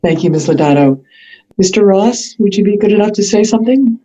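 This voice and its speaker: A woman hosting a school writers' night, gentle and gracious as she introduces each speaker. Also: mid-range voice, expressive, fairly quick, rough recording. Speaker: event host. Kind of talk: hosting a panel.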